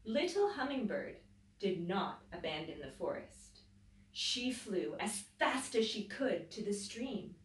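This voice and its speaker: Slow, expressive storytelling woman, roomy sound. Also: mid-range voice. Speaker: teacher. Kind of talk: reading a picture book aloud to children. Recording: roomy echo, voice from a distance.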